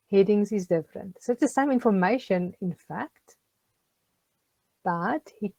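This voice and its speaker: A woman's voice: mid-range voice, warm tone, dry recording. A woman, a social worker giving a chatty, encouraging tutorial to a group, with many ums and questions to her listeners. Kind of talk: casual recorded tutorial.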